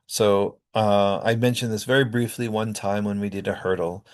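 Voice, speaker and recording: A man from North America explaining sound rules in a recorded linguistics lecture, often pausing on ums and uhs. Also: on the low side, fairly even intonation.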